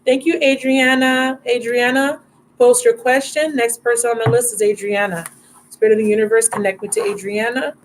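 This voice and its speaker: A woman's voice: fairly high pitch, steady tone, normal speed, slight background noise, rough recording. A woman hosting a live tarot reading stream in a casual, affectionate way, calling viewers baby and love.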